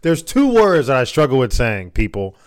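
A man's voice: mid-range voice, wildly swooping pitch, normal speed. A man co-hosting a podcast, teasing and joking in casual chat. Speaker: podcast co-host.

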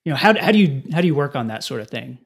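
A man's voice: medium pitch, sing-song, racing, creaky, husky. A man interviewing a guest, asking curious, prompting questions in a casual way. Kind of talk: conversational interview.

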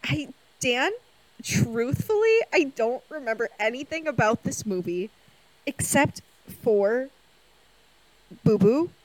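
A woman co-hosting a casual chat, sassy and animated as she tells stories. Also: on the high side, slow pace, poor audio. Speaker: podcast co-host.

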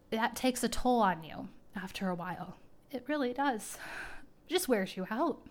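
A woman hosting her own podcast, talking casually and at length in a rambling, heartfelt way. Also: medium pitch. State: tearing up. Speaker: podcast host. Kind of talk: casual personal talk.

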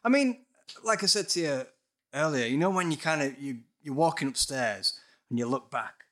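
A bright, lively man chatting casually on a podcast. He tells a spooky story with plenty of swearing and laughter, and his pitch moves around a lot. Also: normal speed. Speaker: guest musician.

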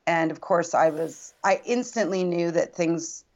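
Gravelly-voiced woman telling her story. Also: lowish voice, measured pace, a little mellow, highs cut off. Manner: earnest, reflective storytelling. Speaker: podcast guest. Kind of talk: personal story in casual conversation.

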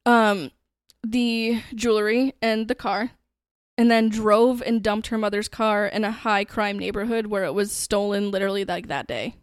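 A woman's voice: medium pitch, steady tone, normal speed, clean tone, dry recording, studio quality. Chatty woman retelling a crime case. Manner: chatty, filler-heavy, swears casually. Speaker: podcast co-host. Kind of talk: casual true-crime storytelling.

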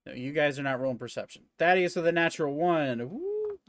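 A man's voice: a little high, wildly swooping pitch, no room sound. Casual male game master, dry sound. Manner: casual, halting narration with fillers. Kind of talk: narrating a tabletop game.

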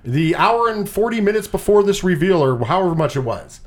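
A man's voice: high voice, a little fast. A man casually reviewing a film on a podcast, ranting with a lot of swearing and acting out characters' lines in mocking voices. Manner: animated, profane ranting with mocking quoted voices.

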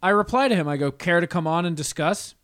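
A young man co-hosting a podcast, telling a story in animated, profane casual banter and laughing often. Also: high voice, fast talker. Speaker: podcast co-host.

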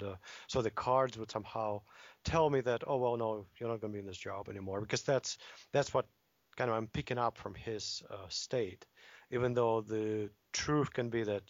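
A man's voice: on the low side, gravelly, dry recording. A man in a casual discussion, speaking hesitantly and thinking aloud with fillers. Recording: dull lo-fi recording.

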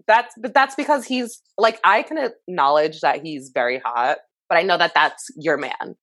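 Lowish woman's voice, swears a lot, laughs easy, casual podcast chat, dry sound. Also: expressive, moderate pace, a bit bright, dry recording. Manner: blunt, frequent swearing, laughs often.

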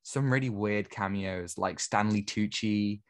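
A man co-hosting a film podcast, giving his opinions in relaxed, thoughtful chat. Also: fairly low pitch, measured pace. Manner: opinionated, thoughtful, lots of "I feel like". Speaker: podcast co-host. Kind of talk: casual film review chat.

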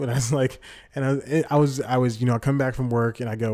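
Guy in his 20s rambling thru a funny story, laughs mid sentence, mid pitch. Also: fairly even intonation, fast talker, darkish tone. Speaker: podcast host. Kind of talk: comedic solo podcast storytelling.

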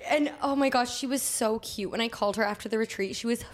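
A young woman co-hosting a podcast, gushing and excitable in casual chat, saying "like" often. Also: fairly high pitch, fast. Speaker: podcast co-host.

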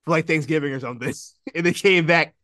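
A man's voice: fairly high pitch, quick pace, pushed and bright, no echo, clean studio sound. A man hosting a podcast in casual chat, rambling, restarting sentences and laughing often. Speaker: podcast host.

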